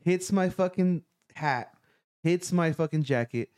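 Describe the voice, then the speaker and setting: A man telling a profane story to friends, animated and laughing as he goes. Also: on the high side, a little slow, smooth. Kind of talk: casual storytelling among friends.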